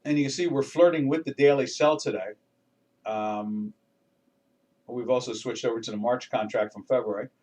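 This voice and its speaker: A man's voice: medium pitch, moderate pace, a little mellow, recorded from a distance. An older man hosting a live trading webinar, talking through charts in a folksy, rambling way with many restarts and fillers. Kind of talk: casual live market commentary.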